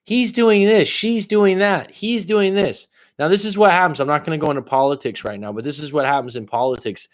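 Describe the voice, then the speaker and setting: A man's voice: on the high side, brisk, few pauses. A man giving live coaching advice in a blunt, profane way, pushing the listener with repeated questions. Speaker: life coach.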